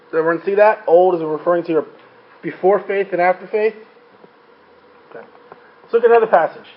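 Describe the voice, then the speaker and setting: A man teaching a Bible study class, who keeps checking in with his listeners with quick "right?" questions. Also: sits high, dull audio. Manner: frequent rhetorical checks like "right?".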